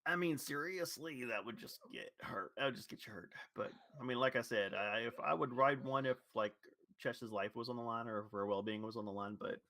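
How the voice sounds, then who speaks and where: A man's voice: medium pitch, a little fast, bright, forceful tone, dry recording. A man from Louisville with a neutral, accentless American voice, chatting casually and rambling through restarts and corrections. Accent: neutral General American. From Louisville, Kentucky. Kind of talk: casual chat.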